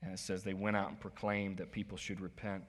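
A man preaching a sermon as pastor, animated, swinging between soft asides and sudden loud bursts. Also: low-pitched, brisk. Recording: long hall reverb.

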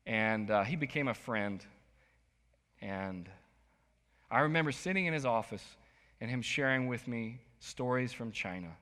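A man preaching a sermon as pastor, animated, swinging between soft asides and sudden loud bursts. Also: medium pitch, measured pace, pauses often. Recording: long hall reverb.

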